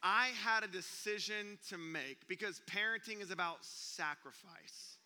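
A young man preaching, an animated storyteller who acts out gasps and sounds during a comic story, speaking in a church auditorium. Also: high-pitched, a little slow, slight background noise. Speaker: youth pastor. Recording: long reverb of a church hall.

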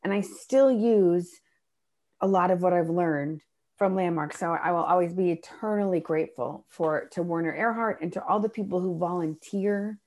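A middle-aged woman telling a personal story in a casual chat, animated and acting out the voices of people she quotes. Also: lowish voice, normal speed. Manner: animated, acts out voices in her stories. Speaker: guest.

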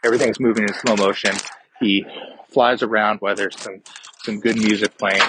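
A man's voice: lowish voice, fairly even intonation, normal speed, background noise. A man recapping a movie plot in a casual, rambling way, swearing freely and trailing off into fillers and restarts. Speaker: podcast movie reviewer.

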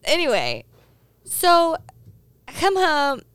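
A woman's voice: high voice, huge pitch swings, takes it slowly, a bit bright, no room sound. A woman in her thirties, co-hosting a casual chat, telling a story and quoting her kids' lines, with frequent laughs. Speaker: podcast co-host.

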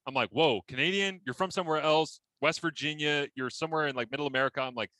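A man's voice: fairly high pitch, fast, pushed and bright, no room sound, rough recording. A man hosting a sports talk show, chatting casually and telling stories with a laugh.

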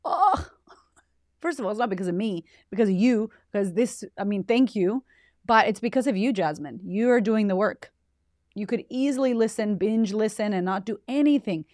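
A woman's voice: mid-range voice, brisk, darkish tone, no room sound, studio quality. Teary, swearing woman podcast host. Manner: emotional, swears freely, gushing. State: teary, close to crying. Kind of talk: heartfelt casual monologue.

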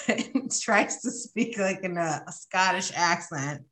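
A woman's voice: lowish voice, expressive, slow, bright, forceful tone. A woman co-hosting a casual book recap, chiming in with wry remarks.

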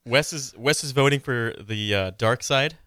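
A man co-hosting a live stream, giving short, relaxed reactions. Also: mid-range voice, normal speed, smooth, dry recording, clean studio sound. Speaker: co-host. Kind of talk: live-stream casual chat.

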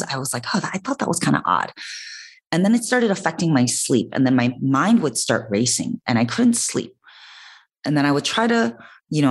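A young woman telling a personal story in a casual podcast chat, expressive and animated. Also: a bass voice. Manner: expressive, animated, swearing and laughing. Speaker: podcast guest.

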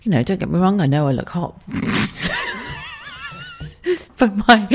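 A woman in her forties hosting a podcast, chatting frankly and swearing freely while keeping her voice hushed in her kitchen at home. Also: lowish voice, background noise. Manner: hushed, speaking softly so as not to wake a child. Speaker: podcast host. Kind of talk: casual chat.

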